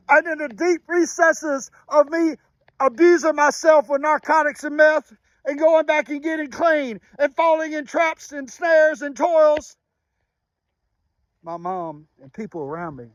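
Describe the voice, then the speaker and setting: A man giving an emotional spoken testimony and prayer as a motivational speaker, impassioned and preacherly, dropping to a hushed voice at times. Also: very high-pitched, dry recording. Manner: impassioned, preacherly, with pauses and sudden drops to a hushed voice.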